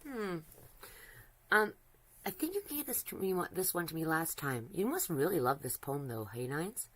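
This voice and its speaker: A woman's voice: deep voice, very animated, moderate pace, fairly bright tone. A woman livestreaming, chatting flirtily with a chatbot, rambling and restarting her sentences. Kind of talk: casual chat with a chatbot while drawing.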